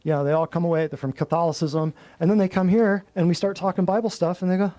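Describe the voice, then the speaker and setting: A man's voice: sits high, lively intonation, fast talker, few pauses, warm tone. A man hosting a natural health talk, preaching bluntly to a live group in a folksy, slangy way and piling up long emphatic lists. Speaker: natural health clinic host.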